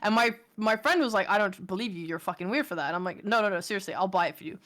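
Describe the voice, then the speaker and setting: A young woman streamer telling a story in casual chat, animated, swearing and laughing often. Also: mid-range voice, rapid-fire. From England.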